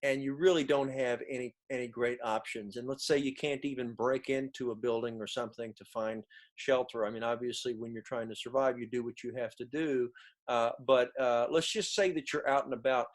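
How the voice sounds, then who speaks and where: A man's voice: mid-range voice, fairly even intonation, a little fast. A man hosting an interview, asking casual, hesitant questions with fillers and restarts. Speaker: interview host.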